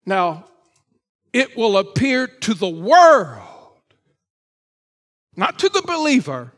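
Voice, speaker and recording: Pastor guy preaching sunday sermon, really high voice, punchy repeats, goes loud then quiet. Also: very animated, takes it slowly. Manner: emphatic and repetitive, rising to shouts then dropping low. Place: church service.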